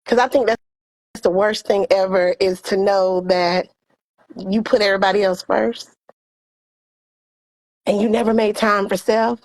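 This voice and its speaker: A woman co-hosting a casual talk show, telling stories and giving heartfelt advice in an expressive, animated way. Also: mid-range voice, unhurried, pauses often. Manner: expressive, animated storytelling with quoted dialogue. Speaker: co-host.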